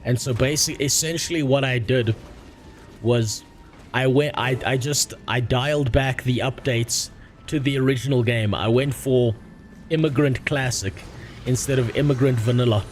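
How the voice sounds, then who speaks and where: Rambling streamer man, crude deadpan jokes. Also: mid-range voice, normal speed, slight background noise. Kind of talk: casual chat while gaming.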